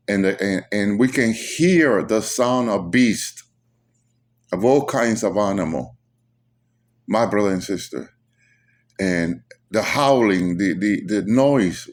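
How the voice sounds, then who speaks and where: A man tells a frightening personal testimony in an ordinary, middle-pitched voice. He speaks haltingly, stumbling and repeating words. An urgent edge runs through his telling. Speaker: storyteller recounting a vision.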